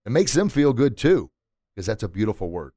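A man's voice: on the low side, sing-song, a little fast, mellow, no echo. A middle-aged man hosting a motivational podcast from a recording studio, preachy and emphatic, hammering points home by repeating words. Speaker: podcast host. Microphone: studio mic.

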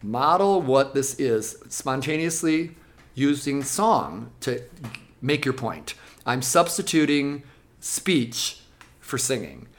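A music teacher explaining classroom methods in an interview, lively and now and then acting out classroom voices. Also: medium pitch, slow.

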